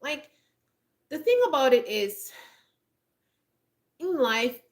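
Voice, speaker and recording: A woman's voice: high-pitched, expressive, slow. A woman giving blunt, emphatic advice straight to camera on a countryside homestead, laughing often, with a frog in her throat. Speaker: homestead vlogger. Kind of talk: direct-to-camera advice talk.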